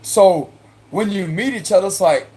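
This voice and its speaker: A man's voice: sits high, moderate pace, dark tone. A man with a Cajun accent giving a casual, rambling tarot reading to viewers, repeating himself and chuckling in asides. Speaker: tarot reader.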